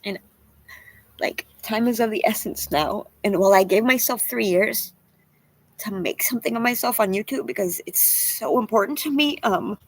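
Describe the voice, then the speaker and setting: A woman's voice: a little high, normal speed, slightly rough, dry recording. A woman vlogger venting to camera, rambling and self-deprecating, at times crying. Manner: rambling, tearful, self-deprecating, with many "you know"s.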